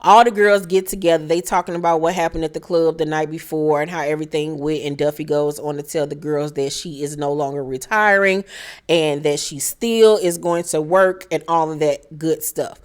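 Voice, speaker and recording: Woman, reality show recap, sassy, profane, lower-pitched voice. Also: moderate pace. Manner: animated, profane, sassy, shouting high mock rants. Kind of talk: casual recap commentary.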